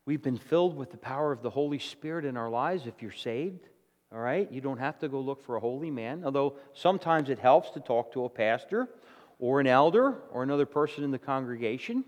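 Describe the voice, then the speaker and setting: A man's voice: mid-range voice, expressive, a little fast, long reverb tail. A man preaching a sermon to his congregation, talking conversationally and often checking in with "okay?" and "all right?". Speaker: pastor. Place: church hall with congregation.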